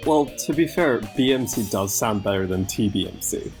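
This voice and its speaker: A man with a low voice hosts a casual podcast, introducing his guest with a dry, deadpan wit. Guitar music sits clearly under his voice. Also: normal speed. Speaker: podcast host.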